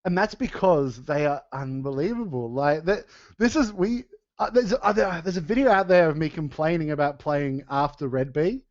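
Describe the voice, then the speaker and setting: A man's voice: fairly high pitch, moderate pace, no echo. A man chatting casually on a podcast, laughing often and restarting his sentences. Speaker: podcast co-host and metal band singer. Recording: dull lo-fi sound.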